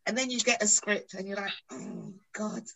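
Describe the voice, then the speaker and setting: Bright-voiced woman telling stories. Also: mid-range voice, fairly even intonation, fast, poor audio. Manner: storytelling, acting out dialogue. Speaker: guest actress. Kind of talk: casual podcast chat.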